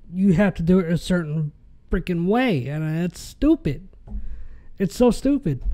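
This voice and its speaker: A man's voice: high voice, dark tone. A man hosting a podcast, ranting in an exasperated, casual way. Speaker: podcast host.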